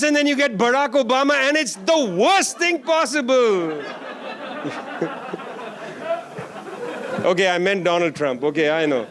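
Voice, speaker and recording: A man's voice: high-pitched, measured pace, fairly bright tone, some chatter behind. A man giving a closing keynote at a conference, speaking emphatically with sarcastic asides and repeated lines. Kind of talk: political speech. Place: conference hall.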